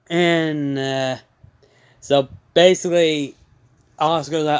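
A man casually retelling a fan story as a channel host, halting with fillers and self-corrections. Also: a little high, level tone, clear, resonant tone.

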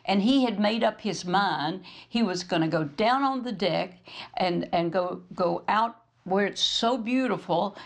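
A woman minister delivers a storytelling sermon, her mid-range voice carrying a gravelly roughness. She tells the story with animation and slips into the lines of the people in it as she goes. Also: medium pitch. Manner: animated storyteller, acts out quoted dialogue. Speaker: minister, program host.

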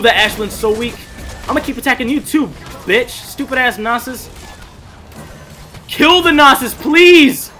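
Speaking at a fairly high pitch into his desk mic at a gaming setup, a man streams an online game with excited, profane play-by-play. He trash-talks the enemy team, staying hyped and lurching from mutters to shouts.

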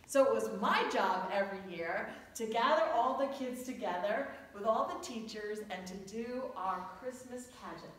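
A woman pastor preaches a sermon in a church sanctuary, her fairly high, slightly bright voice telling humorous stories and drawing out phrases for emphasis. The recording sounds echoey, as if heard from a distance in the church.

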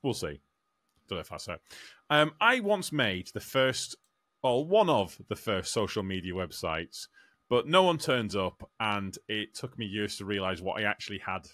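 A man's voice: fairly low pitch, big pitch swings, normal speed, a bit bright, no echo. A man hosting a casual podcast, talking with stammering restarts.

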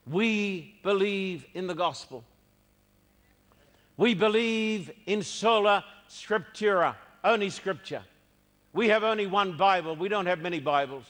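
A man's voice: sits high, a little slow, a bit bright, big-room sound. A man preaching a sermon, emphatic and repeating his key phrases.

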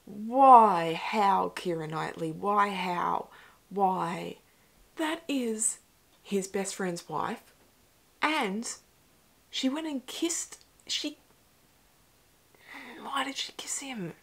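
A woman's voice: medium pitch, animated, extremely slow, gravelly, long pauses, fairly bright tone. A young woman hosting a casual movie reaction, chatty and emotional, with whispered asides. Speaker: host.

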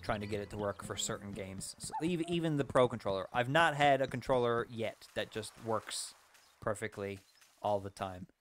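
A young Canadian man streaming a farming game, chatting casually with viewers, excitable and apologetic, sometimes shouting. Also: lowish voice, normal speed, slight background noise. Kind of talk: casual live-stream chat. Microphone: desk mic.

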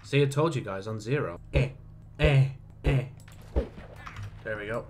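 A young man commentating his own video game play, swearing often and jumping from low muttering to sudden yelps. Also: lively intonation, unhurried, long pauses, darkish tone. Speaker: gaming channel host. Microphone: desk mic with audible mouse clicks.

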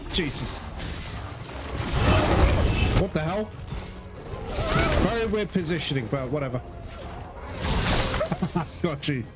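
A man's voice: a little high, expressive, slow pace, pauses often. A man commentating his own video game playthrough, frustrated and swearing as he plays. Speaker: gameplay commentator. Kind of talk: casual gameplay commentary. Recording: loud game music behind the voice.

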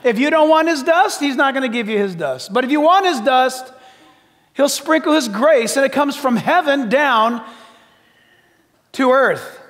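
An older man preaching a sermon as pastor, emphatic and shouting at times, then dropping to soft asides. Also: very high voice, lively intonation, a little slow, long reverb tail.

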